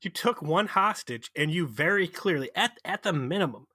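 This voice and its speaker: A man's voice: on the high side, expressive, moderate pace, bright, forceful tone, no room sound. A man co-hosting a podcast, recapping an episode in a rambling, profane, amused way. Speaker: podcast co-host. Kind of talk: casual chat.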